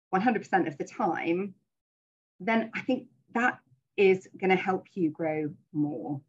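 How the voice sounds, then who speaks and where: Middle-aged woman, webinar speaker, husky, lowish, earnest; dull lo-fi call sound. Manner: earnest, reflective, with frequent fillers. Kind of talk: motivational webinar talk.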